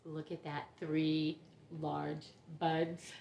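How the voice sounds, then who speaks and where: A woman's voice: deep voice, flat delivery, very slow, creaky, a little mellow, roomy sound, dull audio, slight background noise. A woman from Ohio, chatting casually as she unboxes plants, gushing, laughing often and gasping with delight. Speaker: orchid grower and vlogger.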